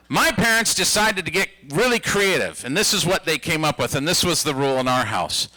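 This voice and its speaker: A man in his fifties doing stand-up, his voice higher than most and bright with an edge. He tells his stories playfully, swinging his pitch widely. The sound is close and dry. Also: brisk, hardly any pauses, no echo, poor audio. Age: 50s. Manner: animated storytelling with a playful comic delivery. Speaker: stand-up comedian. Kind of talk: stand-up comedy routine.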